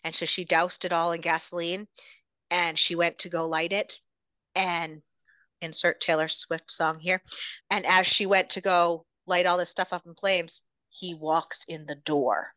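A woman's voice: lowish voice, level tone, a little slow, sharp tone, dry recording. A woman co-hosting a podcast, recapping a novel in casual chat with dramatic, suspense-building storytelling. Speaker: podcast co-host.

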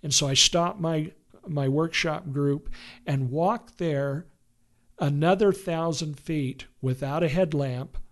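A man who runs photography workshops talks in a relaxed, conversational way. His voice sits slightly high for a man. He tells stories with animation and acts out what other people said. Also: slow pace. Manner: animated storytelling with quoted voices. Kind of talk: casual conversation.

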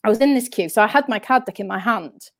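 Speaking fast in a slightly high voice, with no room sound, a northern English woman chats as an interview guest. Her storytelling is rambling and talkative, with sentences that keep starting over.

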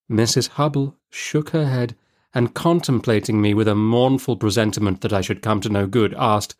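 A man's voice: fairly low pitch, expressive, normal speed. Man reading a classic story aloud. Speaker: audiobook reader. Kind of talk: expressive storybook narration.

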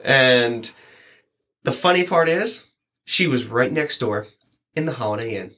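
Man in casual chat, animated storyteller voicing customers' lines. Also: mid-range voice, measured pace. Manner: rambling, animated, acts out quoted lines. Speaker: delivery driver sharing stories.

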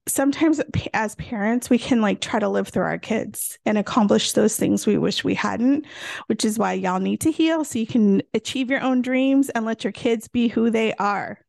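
Chatty gravelly-voiced woman podcaster. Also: on the high side, normal speed, dry recording, studio quality. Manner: chatty, animated storytelling with many fillers. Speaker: podcast co-host. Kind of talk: casual chat.

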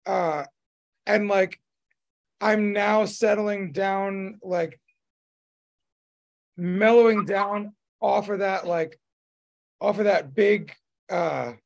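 This podcast host's voice sits high and sounds gravelly, and he speaks very slowly with frequent pauses. His casual chat rambles, with plenty of fillers and restarts.

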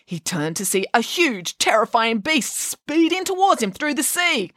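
A woman reading a children's storybook aloud, with expressive, animated narration. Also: fairly high pitch, unhurried, no echo, studio quality.

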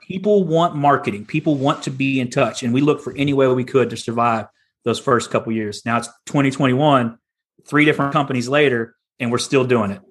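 Here is a man in his thirties, a podcast guest retelling his early business years. He talks in a plain, folksy way, animated as he acts out what he said back then, and his voice sits at an ordinary middle pitch. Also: fairly quick. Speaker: podcast guest, land investor. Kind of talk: casual storytelling interview.

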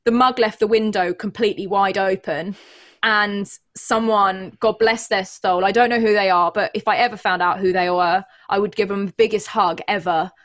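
A woman's voice: mid-range voice, fairly even intonation, normal speed. A young woman, a guest giving an earnest, emotional personal account with frequent restarts. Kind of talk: candid personal account in conversation.

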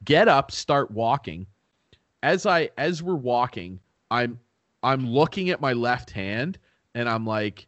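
A man's voice: medium pitch, expressive, slow pace, fairly bright tone, dry recording. Laid-back young man telling a story. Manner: laid-back, swears a lot, laughs at himself. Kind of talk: casual storytelling.

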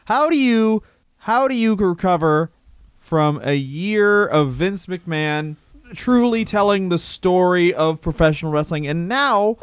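A man co-hosts a casual comedy podcast with wry, deadpan asides. His voice sits somewhat high for a man. The recording is dry and close. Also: measured pace, clean tone, dry recording.

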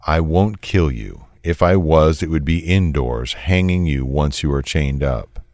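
A man reading the lines of a cold, controlling, menacing man in a flat, commanding way, in a true crime story. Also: very deep voice, measured pace, no echo, clean studio sound, full character voice.

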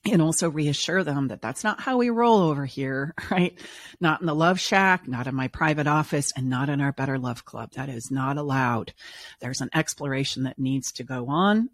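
Woman podcast host and coach, husky, emphatic, dry studio sound. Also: very deep voice, no echo. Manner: earnest, emphatic, acts out clients' voices. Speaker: relationship coach and show host. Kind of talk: podcast conversation.

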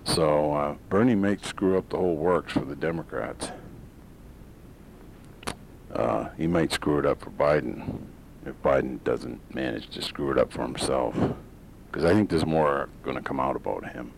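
Deep-voiced blunt, rambling man. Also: normal speed, gravelly, a little hiss or hum, low-quality recording. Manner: rambling, blunt, sarcastic, many fillers and restarts. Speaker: podcast host. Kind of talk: opinionated solo monologue. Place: home in Maine.

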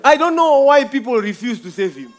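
A man's voice: very high-pitched, big pitch swings, a little fast. A man giving an informal church testimony, telling a rambling story with frequent chuckles.

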